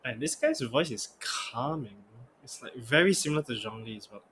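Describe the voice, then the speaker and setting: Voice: medium pitch, moderate pace, slight background noise. A streamer giving casual, amused let's-play commentary over the game. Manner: relaxed, amused remarks.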